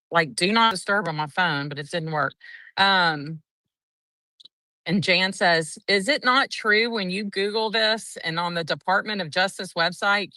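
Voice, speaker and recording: A woman's voice: fairly low pitch, pushed and bright, dry recording, far from the mic. A woman, casually recapping a trial day and acting out the quotes in a chatty, breathless way. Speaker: courtroom trial reporter.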